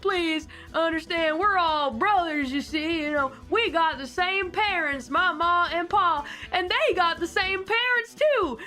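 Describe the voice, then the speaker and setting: A cowardly outlaw man pleads for mercy in a flustered, old-fashioned drawl, as a woman puts him on. His voice sits high and tight. Soft music plays behind him. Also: a little slow, few pauses, full character voice. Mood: pleading. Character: timid, panicky male outlaw brother.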